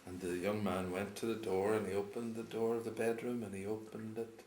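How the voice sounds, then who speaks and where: A man telling a folk tale to a live audience, chuckling often and dropping into quiet voices for the characters. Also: lowish voice, little pitch movement, fairly quick, slight background noise. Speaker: storyteller. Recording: roomy live recording with audience.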